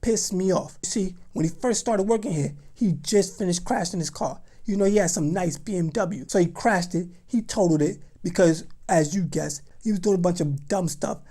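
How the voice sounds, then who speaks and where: A young adult woman telling a storytime vlog in an animated, slangy, dramatic way. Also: on the low side, normal speed, few pauses. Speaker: vlogger.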